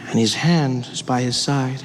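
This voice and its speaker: A man telling a story in his stand-up comedy set, animated and acting out the scenes, recorded live on stage with an audience. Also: mid-range voice, unhurried. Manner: animated, acts out scenes, shifts voices. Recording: live hall reverb and crowd noise.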